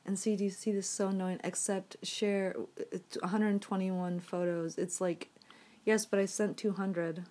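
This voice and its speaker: A woman's voice: mid-range voice, level tone, unhurried, warm tone. A woman vlogging to her audience on a phone, rambling with many fillers and frequent swearing. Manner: frustrated, swearing, filler-heavy. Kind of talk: casual rambling to camera.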